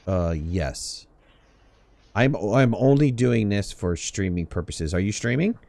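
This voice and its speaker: A man's voice: fairly low pitch, expressive, slow pace, creaky, warm tone, no room sound. A young man hosting a casual multiplayer game stream, joking and laughing often with his teammates. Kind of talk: casual gaming chat.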